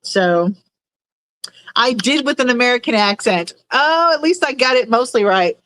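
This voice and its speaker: A woman's voice: fairly high pitch, expressive, normal speed, fairly bright tone, dry recording, rough recording. A woman hosting a casual livestream, chatting and reading viewers' messages aloud, often searching for words. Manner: rambling, reads chat aloud, searches for words. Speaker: livestream host.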